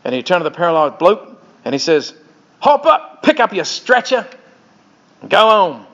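A man puts on an Australian accent to voice a hearty, boisterous Australian male yarn-spinner, delivering lines in a punchy, heavily acted way. His voice is high and sing-song, slightly bright, at normal speed, yet pitched below his own natural voice. The recording is dull and lo-fi.

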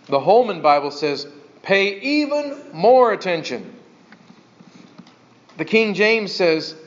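A male pastor delivering a sermon with lively, animated preaching. His voice sits fairly high for a man and keeps jumping into little acted-out voices and rhetorical questions. The recording is a bit muffled and dull.

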